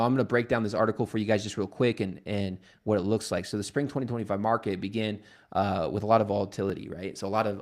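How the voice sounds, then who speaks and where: A man leading a real estate team, talking casually on a livestream and retelling stories with joking asides and quoted dialogue. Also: fairly low pitch.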